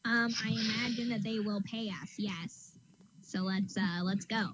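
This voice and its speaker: A woman's voice: mid-range voice, steady tone, measured pace, a bit bright, slight background noise, low-quality recording. A woman playing a tabletop game over a call, talking casually and bluntly. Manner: casual, blunt, says "dude" and swears. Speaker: player.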